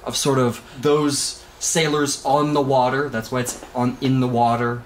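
A man's voice: medium pitch, flat delivery, unhurried. A man chatting on a history podcast in a loose, rambling way. He laughs often and slips crude jokes in between facts. A faint hum of noise sits under his voice. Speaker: podcast host. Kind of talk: casual podcast chat.

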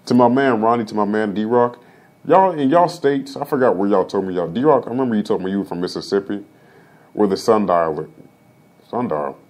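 A young man chats on his podcast in a voice that sits a little low. He rambles, jokes and swears freely. He drifts off topic and then pulls himself back. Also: darkish tone. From Vallejo, Northern California. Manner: rambling, joking and profane, often trailing off topic. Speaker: podcast host. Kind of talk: casual livestream chat.

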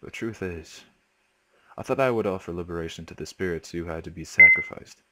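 A man voicing a calm, solemn older male spirit guide from a horror game, speaking in a measured, formal way. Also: low voice, heavy background noise, natural voice.

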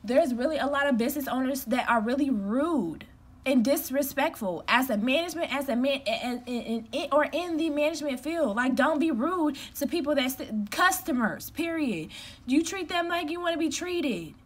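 A woman's voice: sits high, lively intonation, normal speed. A young woman who works in customer care, talking from home in a direct, emphatic, venting way. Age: young adult. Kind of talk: casual rant to camera.

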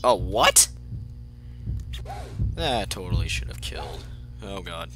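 A young man commentating his own gameplay, muttering to himself and then breaking into excited yelps. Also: deep voice, slow pace, music in the background. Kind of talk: let's play commentary.

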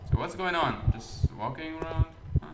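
A man's voice: fairly high pitch, animated, normal speed, echoey room, heavy background noise. A man giving sarcastic, joking let's play commentary, swearing as he goes. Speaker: gamer.

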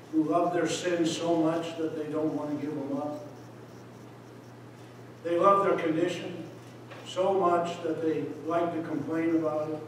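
A man, a missionary preacher, giving an impassioned sermon that swings between loud appeals and hushed words. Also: on the high side, a little hiss or hum. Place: church sanctuary. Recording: echoey hall, voice from far off.

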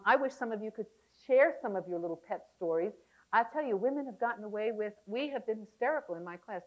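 Bright-voiced female seminar instructor, lively and laughing, coaxing her class to share. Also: on the high side, low-quality recording. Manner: animated, laughing, coaxing the audience. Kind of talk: seminar talk to a live class. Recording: 1990s VHS seminar tape.

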